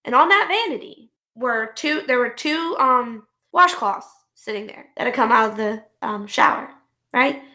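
High bright-voiced mom ranting. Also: female voice, normal speed. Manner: animated storytelling, swears freely. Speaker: podcast co-host; mother. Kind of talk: casual ranting chat.

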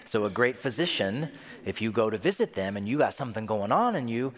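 A young man preaches a sermon in a large church hall, his voice rising and falling in lively swings. He tells stories playfully and acts out the voices of the people in them. A long reverb trails behind every phrase. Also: lowish voice, brisk. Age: young adult. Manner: animated, playful storytelling with acted-out voices. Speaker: pastor.

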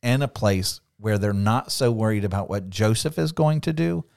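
A middle-aged man co-hosting a casual Bible study podcast, animated and laughing often as he acts out the voices of the people in the story. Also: on the low side, moderate pace, gravelly. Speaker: podcast co-host.

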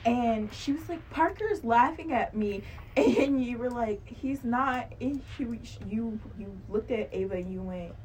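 A woman's voice: fairly high pitch, measured pace, few pauses, darkish tone. A young woman chatting casually with friends, telling funny stories and laughing as she acts out what they said. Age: young adult. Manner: laughing storyteller who acts out drunk friends' lines. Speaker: podcast co-host. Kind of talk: casual chat among friends. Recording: distant mic with clear background noise.

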